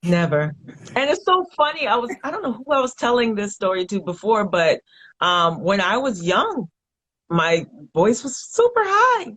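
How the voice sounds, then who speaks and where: A woman's voice: medium pitch, very animated, moderate pace, fairly bright tone, low-quality recording. A chatty woman voice teacher in a casual panel talk, often affirming the others. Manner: chatty, affirming with frequent mm-hmms.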